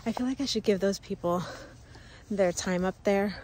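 A woman making a walking travel vlog outdoors in the cold, gushing and exclaiming with excitement, a little out of breath. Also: medium pitch, moderate pace, a little hiss or hum. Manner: gushing, exclaims often, laughs. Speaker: travel vlogger. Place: outdoors in cold weather, on a street.

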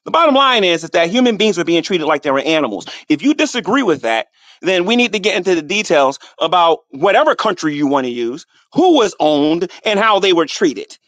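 Man, high lively voice, dry sound, condescending, repetitive, heated debate. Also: dry recording. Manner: condescending, repeats himself slowly for emphasis; argumentative, defends his reading of scripture. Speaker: debater in an online audio room. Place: online voice chat room.

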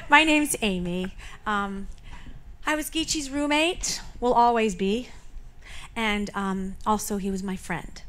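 A woman speaking as a memorial speaker, telling personal stories in a chatty, halting way full of fillers and restarts. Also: mid-range voice, fairly bright tone. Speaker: memorial speaker, late comedian's roommate. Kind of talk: personal tribute speech. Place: live show venue.

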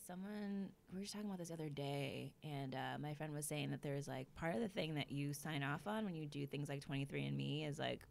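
A woman's voice: low voice, brisk, vocal fry, few pauses, slight background noise. A woman in a casual chat, talking in a laid-back way.

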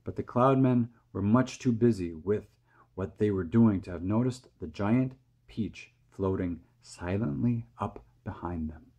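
A man calmly reading a children's storybook aloud, close to the camera mic. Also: on the low side, a little slow, highs cut off. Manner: calm, steady reading.

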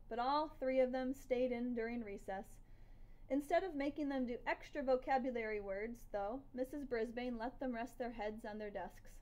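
A woman reads a children's story aloud in the first person, telling it with lively expression. Her voice sits a little high and stays bright with the fun of the tale. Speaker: audiobook reader.

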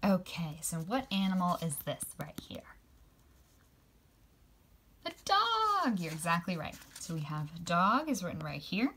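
Casting: low-pitched woman, slow and encouraging, teaching children letter sounds. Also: sing-song, fairly bright tone, slight background noise. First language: English.

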